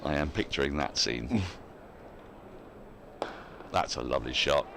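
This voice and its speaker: Speak low in your register and let the pitch swing freely, a man commentating live cricket. Keep it chatty, break into easy laughs, and slip into reading listener emails between deliveries. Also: animated, takes it slowly, bright, forceful tone, a little hiss or hum.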